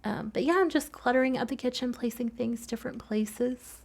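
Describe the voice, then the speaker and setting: A woman from the Southern US with a slight nasal twang, speaking softly and quickly in a casual voice-over as she walks through her build, giggling often. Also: fairly high pitch, creaky. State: recovering from a cold. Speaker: Sims builder narrating a speedbuild.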